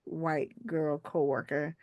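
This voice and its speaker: A woman author as a podcast guest, telling casual, animated stories in a colloquial way. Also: sits low, slow, dry recording. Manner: animated, colloquial, acts out voices of others. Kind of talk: casual storytelling interview.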